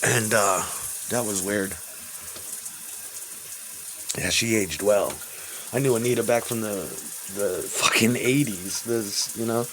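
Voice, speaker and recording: Low-voiced profane man in his fifties. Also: fairly even intonation, a bit bright, slight background noise. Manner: profane, halting, with restarts. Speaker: interviewee. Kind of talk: rambling personal storytelling.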